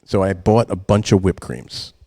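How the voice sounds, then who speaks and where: A man in his forties, a podcast co-host, telling a story in casual chat, swearing often and acting out his own yelling. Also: sits low, lively intonation, normal speed, breathy edge, no echo, studio quality.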